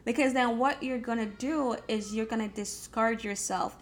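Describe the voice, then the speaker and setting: A woman's voice: fairly high pitch, normal speed. Encouraging woman from Jamaica. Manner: repeats words, frequent fillers and restarts; encouraging, addresses listeners directly. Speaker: speaker giving advice on goal setting. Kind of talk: casual motivational talk.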